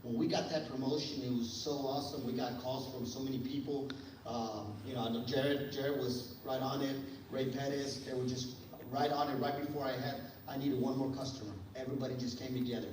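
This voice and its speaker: Man giving an energetic talk in an echoey hall. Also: mid-range voice, a little fast. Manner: energetic storytelling, many fillers. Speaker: speaker at a sales event. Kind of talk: motivational stage talk. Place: event hall with audience. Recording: echoey hall, distant mic, noisy.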